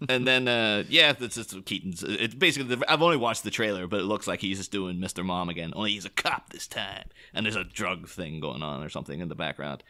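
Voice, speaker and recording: A man's voice: low voice, a little fast. A man hosting a podcast, chatting casually and rambling about films with frequent chuckles. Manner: rambling, chuckling often, animated. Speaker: podcast host. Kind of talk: casual movie-discussion chat.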